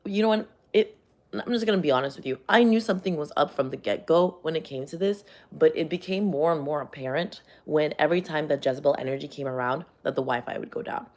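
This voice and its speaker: Woman vlogger, low voice, loose profane rambling, tarot reading. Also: quick pace. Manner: rambling, profane, animated storytelling. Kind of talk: casual chat.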